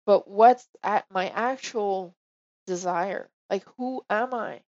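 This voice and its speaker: A woman's voice: mid-range voice, slow, darkish tone, dull audio. A woman with a French accent, a medium speaking as an interview guest in casual, thoughtful chat.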